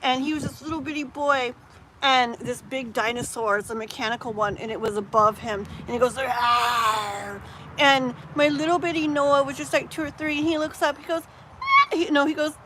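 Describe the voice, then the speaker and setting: A woman's voice: high voice, background noise. Chatty woman tarot reader on a live stream. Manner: chatty and animated, rambling with fillers. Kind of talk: live-stream chat with viewers.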